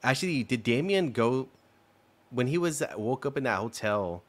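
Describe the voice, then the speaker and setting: A man's voice: mid-range voice, expressive, moderate pace. A man co-hosting a casual TV recap podcast, talking loosely with many "like" fillers and musing thoughts. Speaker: podcast co-host.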